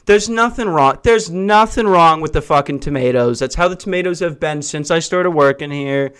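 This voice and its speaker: A man's voice: fairly high pitch, lively intonation, fairly quick, few pauses, fairly bright tone, smooth. Male solo podcast host; crude, profane, self-mocking ranter. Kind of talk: solo comedic podcast rant. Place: hot brick house.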